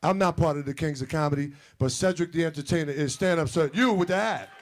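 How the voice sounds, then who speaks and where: A man hosting a live comedy show, working the crowd loudly and half-singing lines over the music. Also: on the high side, fast. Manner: hype, loud, calls out to the audience. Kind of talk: live stand-up crowd work. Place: comedy club stage before a live audience. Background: hip hop music.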